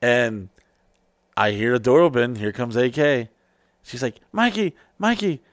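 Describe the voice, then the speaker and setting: A man's voice: medium pitch, unhurried, no room sound. Brash male host, mid-range voice, profane and boastful, dry studio sound. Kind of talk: casual podcast chat.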